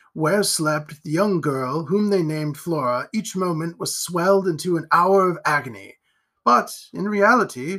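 A man reading a gothic novel aloud in steady, even storytelling narration. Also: on the high side. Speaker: audiobook reader.

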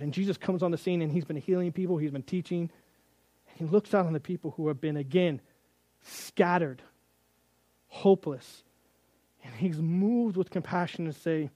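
Animated man teaching the Bible. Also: on the high side, normal speed, no echo. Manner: animated storytelling, acts out quotes, casual asides.

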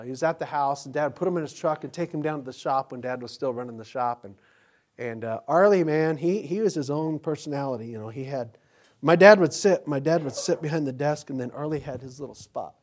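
A pastor giving an informal Bible teaching, telling rambling personal anecdotes. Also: male voice, medium pitch, brisk.

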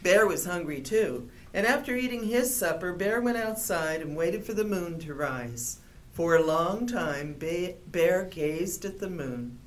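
A woman reading a children's picture book aloud in a gentle, expressive storytelling manner. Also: lowish voice, a little slow. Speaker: storybook reader.

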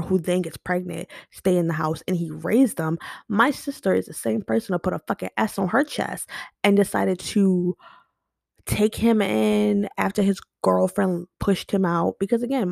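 A young woman speaks into a home podcast mic with no script, blunt and emotional, swearing as she goes. Her voice sits low with a gravelly fry. The sound is dry and close. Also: darkish tone, no room sound. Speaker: podcast host. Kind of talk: unscripted personal monologue.

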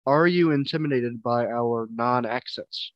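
A man's voice: medium pitch, unhurried, no room sound, muffled recording. A man hosting a podcast in casual chat, teasing his guest with wry humor. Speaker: podcast host.

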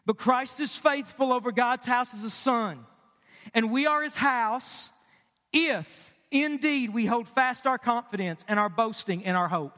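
A man in his thirties preaching a sermon as pastor, emphatic and questioning, often dropping to a hush for emphasis. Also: high-pitched, expressive, normal speed. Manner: emphatic, asks the congregation questions, drops to quiet for emphasis. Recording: long reverb of a large hall.

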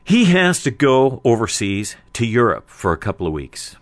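A man's voice: medium pitch, sing-song, moderate pace, dry recording. A man telling a long joke in a conversational, rambling way, full of fillers. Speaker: storyteller. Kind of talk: casual spoken joke-telling.

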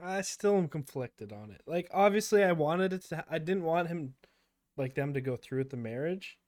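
A young man joins a casual TV recap with an easygoing, agreeable manner. His voice sits a little high for a man. The recording is close and dry. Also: normal speed, dry recording. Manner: relaxed, agreeable, laughs often. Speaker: podcast co-host.

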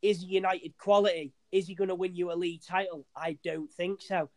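A young man, talking fast and loose about football. His voice sits a little high for a man and sounds dry and close, as he rambles, restarts and swears freely. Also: level tone, darkish tone, dry recording. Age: young adult. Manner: rambling, sweary, restarts often, says "mate". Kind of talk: casual football chat.

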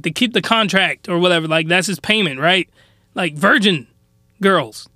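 A man ranting in an exasperated, animated way while recapping an anime episode. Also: sits high, no room sound, studio quality.

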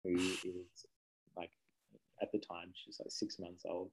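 A man's voice: low-pitched, level tone, a little slow, background noise. A man, a children's book author chatting casually in an interview, rambling and self-correcting, laughing easily.

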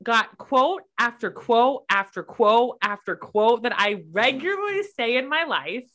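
Bright woman cohost, emphatic, repeats stuff, swears, casual podcast chat. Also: a little high, animated, unhurried. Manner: emphatic, profane, repeats words for effect. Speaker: podcast co-host.

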